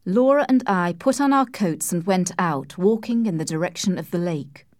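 A woman narrating a classic novel in a calm, measured storytelling voice. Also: lowish voice, no echo, clean studio sound. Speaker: audiobook reader. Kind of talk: scripted narration.

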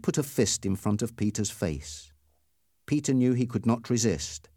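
A man's voice: medium pitch, animated, mellow, no room sound, clean studio sound. A man reading a story aloud as narrator, in scripted storybook narration. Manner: slow, clearly paced reading.

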